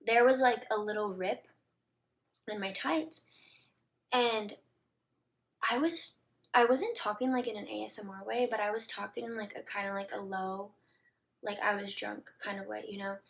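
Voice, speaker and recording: A young woman telling a personal story to her viewers in a casual, chatty way, full of "like" fillers and dropping into soft murmurs. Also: mid-range voice, steady tone, normal speed, vocal fry, long pauses. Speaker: vlogger.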